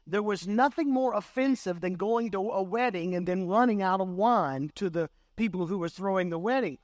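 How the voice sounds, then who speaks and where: High-voiced man preaching a sermon. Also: moderate pace, dry recording, clean studio sound. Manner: earnest preaching, coughs and clears throat at times. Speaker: pastor.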